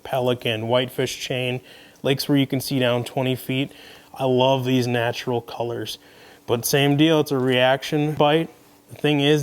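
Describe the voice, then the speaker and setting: A young man, casually explaining his fishing gear in a relaxed, folksy way. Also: mid-range voice. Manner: relaxed, folksy, conversational with fillers. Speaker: fishing video host. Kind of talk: casual gear rundown to camera.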